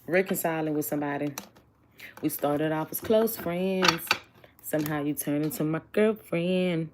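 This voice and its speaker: A woman's voice: low-pitched, normal speed, background noise. A chatty woman doing a casual tarot reading, blunt and joking with her viewers. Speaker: tarot reader.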